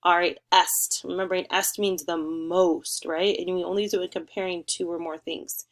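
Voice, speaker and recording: A young teacher's lowish, level voice leads a remote first-grade spelling lesson. She stays encouraging and sing-song while stretching words out slowly.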